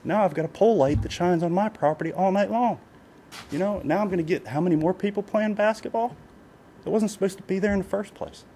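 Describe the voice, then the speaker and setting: A man with a high-sitting, mellow voice talks fast over slight hiss or hum. Giving public comment as a property owner at a county planning meeting, he is emotional and pleading, repeating himself with many filler phrases and lots of "you know"s.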